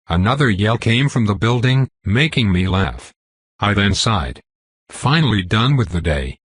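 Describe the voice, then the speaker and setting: A man in scripted narration of a fantasy story, reading in an even, plain way with a husky voice. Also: fairly low pitch, unhurried, no room sound.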